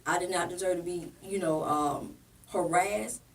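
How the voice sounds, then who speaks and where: A woman's voice: fairly low pitch, a little slow, distant mic. Earnest woman pastor telling her story. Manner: plain-spoken, earnest, acts out remembered dialogue. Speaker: pastor and political candidate. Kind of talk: emotional personal storytelling in a podcast interview.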